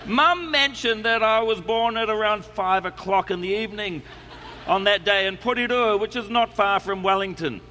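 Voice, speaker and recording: A man's voice: high voice, moderate pace, sharp tone. A man with a New Zealand accent reading a letter aloud to a live audience, in a dry, formal, mock-serious way. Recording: echoey hall, faint background noise.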